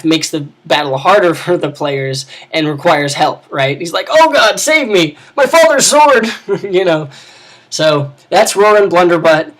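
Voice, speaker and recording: Rambling game master, higher voice. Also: male voice. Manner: rambling, with many restarts and asides. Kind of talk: casual talk on running tabletop games.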